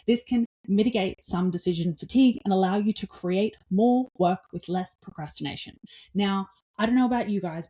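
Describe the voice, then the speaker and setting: A woman hosting a podcast, giving casual motivational talk in an energetic, blunt way, swearing freely and acting out little dialogues in her own voice. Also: mid-range voice. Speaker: podcast host.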